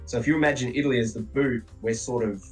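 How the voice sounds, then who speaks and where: A man from Australia chatting casually as a guest on a game stream, telling animated stories and mimicking his relatives. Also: medium pitch, fast, far from the mic, soft background music, poor audio. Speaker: guest player.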